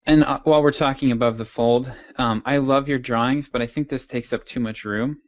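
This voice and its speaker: A man's voice: medium pitch, steady tone, fairly quick. A man co-hosting a podcast in casual chat, giving direct, blunt advice. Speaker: podcast co-host. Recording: dull lo-fi audio.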